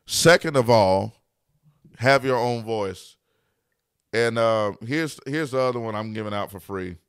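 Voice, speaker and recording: A man's voice: fairly low pitch, animated, a little slow, pauses often, smooth, dry recording, studio quality. A man who is a pastor and podcast host, talking in a preaching style and repeating key lines for emphasis.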